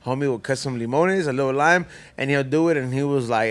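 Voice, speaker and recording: Fast-talking slangy man. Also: mid-range voice, a bit bright. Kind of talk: casual chat.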